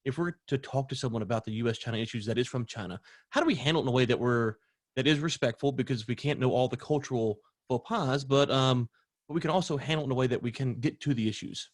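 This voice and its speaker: Male host, mid pitch, loose rambling question style, dry mic. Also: quick pace, dry recording. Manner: rambling, searching questions with fillers. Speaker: podcast host. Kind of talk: interview questions.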